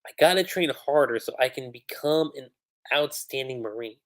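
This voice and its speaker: A man's voice: mid-range voice, normal speed, natural voice. A man reading the lines of a determined young male navy recruit.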